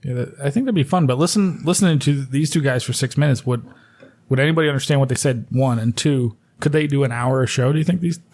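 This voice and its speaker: A man's voice: mid-range voice, a little mellow. An American man with an East Coast accent co-hosts a podcast. He rambles, swears freely and laughs easily as he talks. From United States. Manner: rambling, profane, quick to laugh. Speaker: podcast co-host. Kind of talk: casual profane podcast chat.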